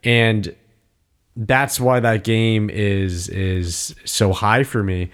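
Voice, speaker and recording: A man chatting casually, telling rambling, profane, animated stories. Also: lowish voice, extremely slow, clean tone. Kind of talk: casual chat.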